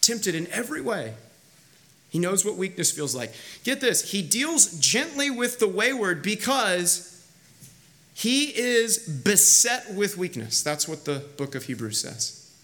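A man's voice: high-pitched, very animated, a little slow, bright, forceful tone. A man preaching a sermon as pastor, in a conversational, emphatic way with frequent restarts. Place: church sanctuary.

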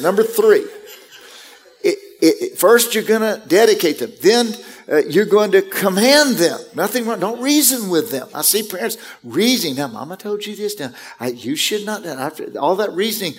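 A man's voice: sits high, lively intonation, moderate pace, slightly rough. A man preaching a sermon to his congregation, conversational and anecdotal, acting out parents and kids. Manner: conversational preaching with acted-out parent and child quotes. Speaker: pastor.

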